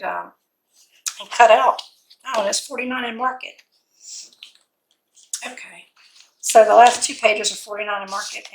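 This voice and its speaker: A woman chats through a craft unboxing, cooing and gushing at every item. Her voice is gravelly and a bit hoarse, like it is going. She talks slowly, and a steady noise sits under the recording. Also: mid-range voice. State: losing her voice. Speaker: craft vlogger unboxing a scrapbook kit. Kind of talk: casual unboxing commentary.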